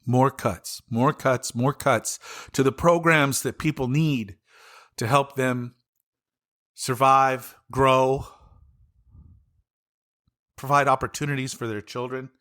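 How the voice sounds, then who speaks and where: Taking it slowly with long pauses, a man with a Southern US accent fumes profanely about politics on his solo podcast. His medium-pitched voice is a bit bright and his tone steady, even as the rant turns angry and exasperated.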